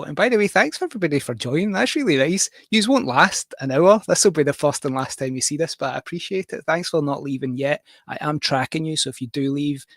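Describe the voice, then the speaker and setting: A Scottish man hosts a casual livestream, rambling along in a jokey, self-deprecating way. He's a musician, and his voice sits on the high side with a slightly bright quality and no room sound.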